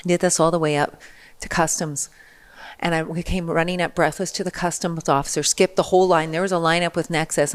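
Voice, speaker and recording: A middle-aged woman, a podcast guest, telling a personal story in an animated way, acting out the people in it. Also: lowish voice, brisk.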